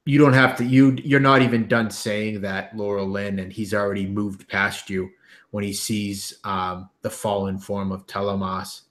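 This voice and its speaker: Low voiced guy game mastering, stops and restarts a lot. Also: little pitch movement, fairly bright tone. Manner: halting, many ums and restarts. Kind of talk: narrating a tabletop game.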